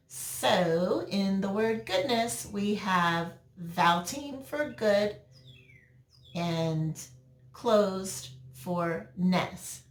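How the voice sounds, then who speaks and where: A woman teacher giving a recorded phonics lesson to young children, slow and patient, drawing out words for them. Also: medium pitch. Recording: roomy echo, mic at a distance.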